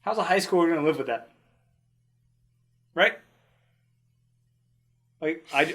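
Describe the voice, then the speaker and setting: A man who coaches tricking athletes, telling a personal story in casual chat, animated and laughing often with loose swearing. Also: a little high, slow, pauses often.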